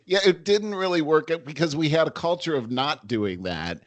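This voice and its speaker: A man's voice: on the high side, lively intonation, normal speed, dry recording. A middle-aged man co-hosting a podcast, telling anecdotes in casual chat and chuckling through his stories. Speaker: podcast co-host. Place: home in Los Angeles.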